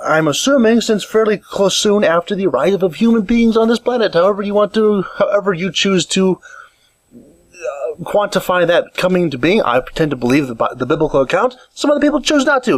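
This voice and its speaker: A man's voice: high voice, expressive, normal speed, no echo. A man talking alone into a mic at home, rambling and restarting often while he gestures as he speaks. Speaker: podcast host. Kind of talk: casual solo monologue. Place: home room, seated in chair. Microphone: condenser with improvised pop filter.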